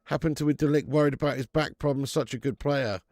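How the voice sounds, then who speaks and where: A man's voice: mid-range voice, fairly even intonation, fast talker, a little mellow, dry recording, studio quality. A man hosting a fan football watch-along stream, chatting casually, rambling and swearing freely while reading out viewer comments.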